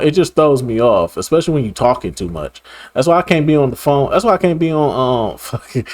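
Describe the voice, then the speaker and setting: A man's voice: mid-range voice, darkish tone. A man hosting a reaction video, talking bluntly and profanely in casual commentary, laughing and repeating himself.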